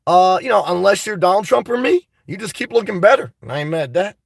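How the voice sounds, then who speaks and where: A man hosts a casual live stream and rambles animatedly as he answers his viewers. His voice sits high and has a gravelly edge. He is heard from a bit away from the mic in a dry room. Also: expressive, a little fast, no echo, recorded from a distance. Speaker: live stream host reading viewer comments.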